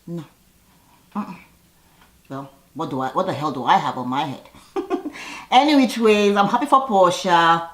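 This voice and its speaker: Low-voiced woman, chatty and sassy, recapping TV in a roomy, echoey space. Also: animated. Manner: chatty and sassy, quick asides. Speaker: reality TV recap vlogger. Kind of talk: casual recap commentary.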